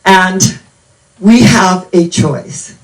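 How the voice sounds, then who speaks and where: Her voice is on the low side and extremely slow as this minister in her 70s preaches. She's a rambling storyteller, heard from far off in an echoey room.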